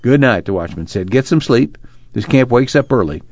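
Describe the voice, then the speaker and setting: A man's voice: medium pitch, animated, normal speed, darkish tone, highs cut off. A man reading aloud voices a matter-of-fact male camp watchman. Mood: firm. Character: calm older male camp watchman, steady.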